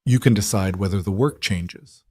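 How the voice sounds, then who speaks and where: Calm patient male janitor mentor, gentle but firm, as a man reads him; low and dry. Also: moderate pace, husky, no echo.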